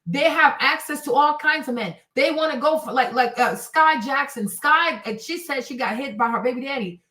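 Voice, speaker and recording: A woman hosting a stream, ranting in an animated, exasperated way, swearing freely and sometimes breaking into shouts. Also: high voice, normal speed, recorded from a distance. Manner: bursts into shouts. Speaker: host. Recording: echoey room, off the mic.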